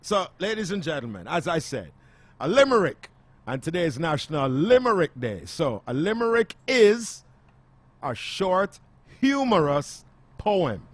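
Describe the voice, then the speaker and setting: A man's voice: a little high, big pitch swings, unhurried, no echo. Man hosting a radio show. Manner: laughing, playful banter. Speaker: radio host. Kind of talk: casual radio chat.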